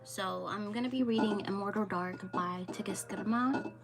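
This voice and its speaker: A woman's voice: medium pitch, normal speed. Chatty young woman with music behind. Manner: rambling and chatty with many fillers. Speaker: streamer. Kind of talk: casual livestream chat. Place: home room with dogs.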